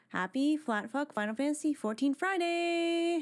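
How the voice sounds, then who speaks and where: A woman chatting on a casual live stream, excitable and rambling, with lots of "like" fillers. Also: high-pitched, moderate pace, hardly any pauses.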